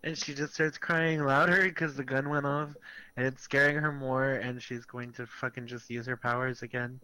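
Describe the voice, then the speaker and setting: A man playing a tabletop role-playing game, chiming in with quick casual reactions. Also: medium pitch, fairly even intonation, bright, forceful tone, smooth, no echo, poor audio. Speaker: player.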